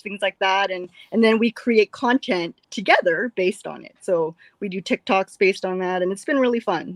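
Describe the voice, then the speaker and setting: A woman's voice: medium pitch, no room sound. A chatty woman speaks casually on a livestream, her voice sitting in a middle register. The sound is dry and close, with no room around it. She laughs easily. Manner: chatty, laughs often, animated quoting. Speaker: guest, former cabin crew content creator.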